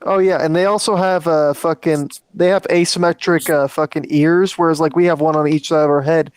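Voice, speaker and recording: A man's voice: a little high, steady tone, fairly quick, clear, resonant tone, dry recording. A man guesting on a live stream, chatting casually in a rambling, profane, matter-of-fact way. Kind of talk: casual chat.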